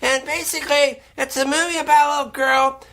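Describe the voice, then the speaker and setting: A man's voice: very high voice, level tone, brisk, bright, forceful tone. A man hosting a public access show, talking casually to the camera in a rambling way, often repeating and restarting his words.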